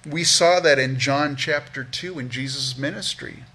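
A man's voice: mid-range voice, a little slow, bright, forceful tone, slightly rough. A man preaching as a pastor, earnestly teaching through a Bible passage verse by verse, often repeating words as he restarts a thought.

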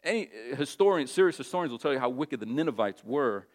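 A man's voice: mid-range voice, lively intonation, fast talker. A man preaching a sermon in a casual, conversational way, telling stories with lots of animation. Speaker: pastor.

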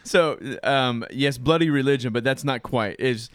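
A man's voice: medium pitch, normal speed, smooth, dry recording, studio quality. An American man, a pastor, talking about his sermon in a rambling, self-interrupting way and laughing often. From United States. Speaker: pastor and preacher. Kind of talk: casual chat.

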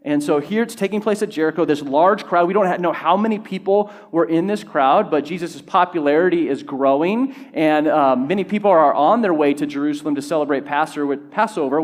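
High-voiced, animated preaching man. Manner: animated, rising in pitch and volume when quoting shouts; steps through a Bible passage verse by verse. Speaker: pastor. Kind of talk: sermon.

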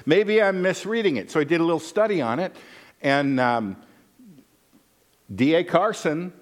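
Male pastor, sermon delivery, lively pitch, unhurried, dry jokes between readings. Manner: wry, joking asides between scripture readings.

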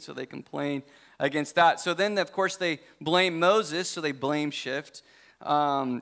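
A man's voice: on the high side, measured pace, creaky, fairly bright tone. A man preaching a sermon as pastor in a conversational way, with joking asides and frequent self-corrections. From United States.

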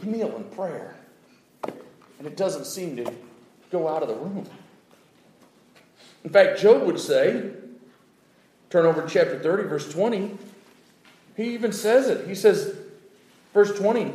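A man's voice: high-pitched, animated, a little slow, long pauses, slight background noise. Dramatic preacher man in an echoey room. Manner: dramatic, swinging from loud pleading to hushed near-whisper. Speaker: pastor. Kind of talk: sermon. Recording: roomy echo.

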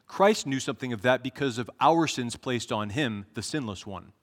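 A man preaching a sermon as pastor, earnestly reading scripture aloud and slowing down for each verse. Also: mid-range voice, lively intonation. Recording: long echo of a large hall.

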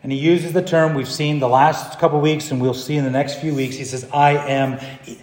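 A man pastor preaching a sermon, swinging from hushed, low passages to loud, emphatic declarations. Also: a little fast, roomy sound, big-room sound.

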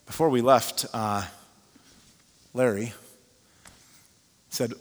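Male pastor, mid-pitched, chatty sermon storyteller with fillers; long hall reverb. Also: slow, pauses often. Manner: animated storyteller with frequent fillers.

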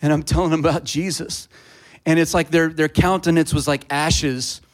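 Pastor telling a story in a sermon. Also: male voice, a little high, steady tone, normal speed. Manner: conversational storytelling that rises to loud, fervent preaching.

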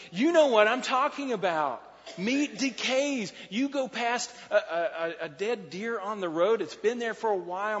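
A man with a high voice delivers a folksy, conversational sermon. His words ring through a church sanctuary with a long reverb. The sound is dull and lo-fi. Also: fairly bright tone. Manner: folksy, conversational preaching with asides and restarts. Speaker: pastor.

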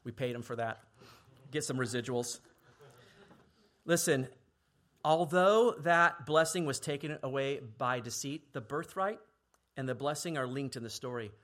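A male pastor preaching a sermon earnestly, at times dropping to a hushed, grave tone for emphasis. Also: mid-range voice, normal speed, long pauses.

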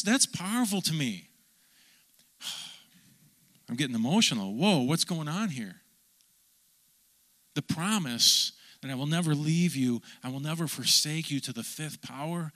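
A man, a pastor, preaching a lively sermon and calling on the congregation to answer back. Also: a little high. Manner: animated, calls for audience response.

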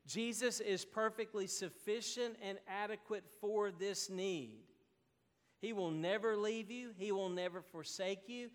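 Pastor, male, high voice, earnest sermon delivery, long hall reverb. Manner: earnest preaching, rising to emphatic declarations.

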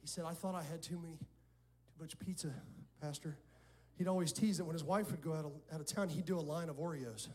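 A man's voice: on the high side, brisk. A man preaching a sermon as pastor, telling stories, quoting people and calling on the congregation to respond. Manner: animated storytelling, quoting others and calling on the congregation. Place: church sanctuary before a congregation.

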